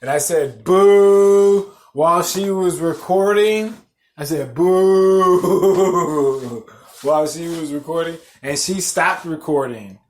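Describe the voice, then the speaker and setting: A man's voice: fairly high pitch, normal speed. Profane, worked-up man ranting on a podcast. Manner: swears constantly, repeats phrases, gets loud and worked up. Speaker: podcast host. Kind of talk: profane storytelling rant.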